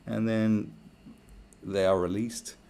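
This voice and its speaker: A man's voice: lowish voice, level tone, slow pace, creaky, dark tone. A man, hosting a podcast in a crude, blunt, rambling solo rant full of swearing and sarcasm. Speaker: podcast host.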